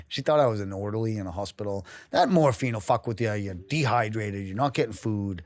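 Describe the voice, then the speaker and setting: A man's voice: on the low side, lively intonation, a little fast. A man from New England, a guest on a podcast, telling his story candidly and emotionally, swearing freely and often breaking off and restarting.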